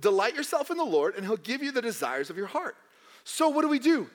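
A young man preaching a sermon in a church hall, joking and animated, putting on mock voices of doubters. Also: extremely high pitch, fairly quick. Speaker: pastor.

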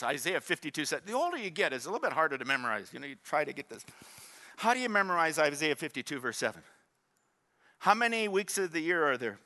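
A man, preaching a sermon in an animated, joking storytelling way and drawing in the congregation. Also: a little high, quick pace. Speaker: pastor.

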